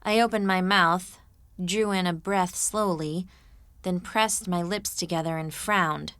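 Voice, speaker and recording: Unhurried, smooth narration from a woman with a lowish voice, recorded close and dry in the studio. She reads in a measured, even first-person style. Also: no room sound. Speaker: audiobook narrator.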